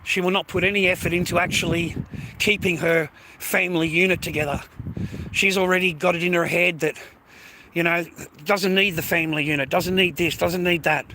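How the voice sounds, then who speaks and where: High, bright-voiced Australian man ranting. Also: fairly even intonation, normal speed, a little hiss or hum, rough recording. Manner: profane, repetitive, addresses viewers as mates and boys. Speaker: vlogger. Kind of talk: ranting casual monologue.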